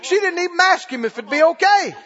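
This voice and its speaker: A man preaching a sermon, emphatic, often shouting and repeating phrases. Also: very high-pitched, expressive, a little fast, long reverb tail, dull audio.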